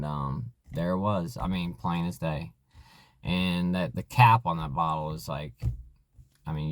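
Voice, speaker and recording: A man telling a personal story in a vlog, halting and earnest, with many fillers and restarts. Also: low voice, no echo. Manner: candid, emotional retelling. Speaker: vlogger in alcohol recovery.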